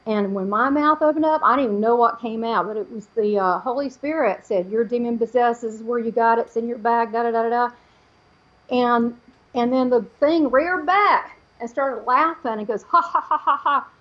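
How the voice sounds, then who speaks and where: Woman guest, psychic storyteller; lively, acts out quotes; fairly high voice, muffled recording. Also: moderate pace. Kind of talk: telling a personal story in an interview.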